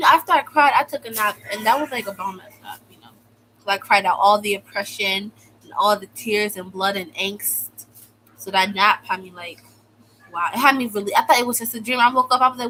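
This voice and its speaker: Bright-voiced young woman ranting. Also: medium pitch, moderate pace, slight background noise, poor audio. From United States. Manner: exaggerated, sarcastic, fills speech with "like". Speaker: vlogger telling a personal story. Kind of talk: casual storytime rant.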